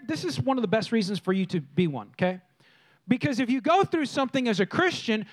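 A man with a strikingly high voice preaches to his congregation. He tells stories in a lively way and talks straight to the people in front of him. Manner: lively storytelling preacher, addresses the congregation directly. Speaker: pastor. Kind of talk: sermon. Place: church.

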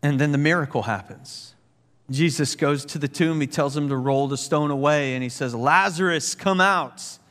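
A man preaching a sermon as pastor, earnest and full of rhetorical questions, growing animated as he tells stories. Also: mid-range voice. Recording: long hall reverb.

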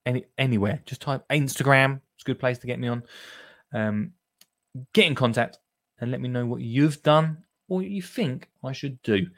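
A man's voice: medium pitch, normal speed, fairly bright tone, dry recording, studio quality. A man hosting a gardening show, chatting casually and jokily with listeners. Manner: chatty and jokey, with asides to listeners. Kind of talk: casual radio-style show chat.

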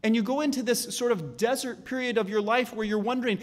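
A man preaching a sermon as a pastor, animated and acting out the voices of the people in his story. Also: very high-pitched, fast talker. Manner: animated, acts out voices of the Israelites and God. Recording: long hall reverb.

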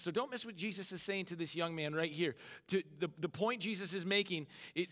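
A man's voice: sits high, fairly quick, fairly bright tone. A man preaching a sermon in a conversational way, calling on the congregation to repeat words back to him. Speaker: pastor. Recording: long hall reverb with faint music.

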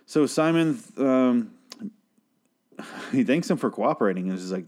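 A man's voice: medium pitch, animated, a little slow, long pauses, a little mellow. A man casually recapping a TV show in a rambling, profane way, stopping himself mid-sentence and laughing often.

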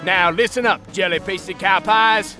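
A man's voice: high-pitched, moderate pace, pushed and bright, faint music behind. A man voicing a drill sergeant who barks insulting, bossy commands. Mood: barking. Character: barking adult male drill sergeant.

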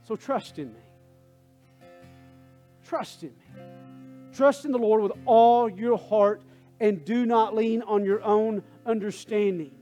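A man preaches a sermon in a high, ringing voice, dropping into hushed prayer and then climbing back to loud, urgent calls to his congregation. Soft guitar plays faintly beneath him. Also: takes it slowly, long pauses. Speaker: pastor. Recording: faint guitar music underneath.

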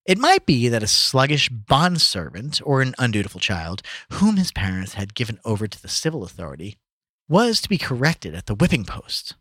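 A man's voice: medium pitch, big pitch swings, moderate pace, a bit bright, husky. A man reading an old novel aloud, stumbling over hard words and breaking into profane outbursts. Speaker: reader. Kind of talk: comedic book reading with banter.

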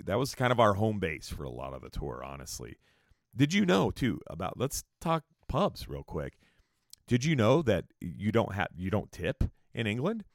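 A man's voice: sits low, dry recording, clean studio sound. An American man telling a travel story in a loose, profane, rambling way, breaking off into rants. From United States. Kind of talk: casual storytelling.

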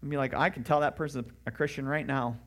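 A man's voice: mid-range voice, fairly even intonation, fast talker. A man, a pastor, preaching a sermon in an earnest, conversational way with emphatic rising questions.

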